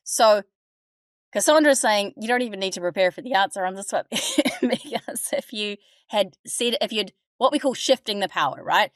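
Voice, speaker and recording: Lively woman coaching, close dry sound. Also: medium pitch, moderate pace, no room sound. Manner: animated, acts out phone calls, laughs often. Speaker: dental front-desk trainer and podcast host. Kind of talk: casual podcast discussion.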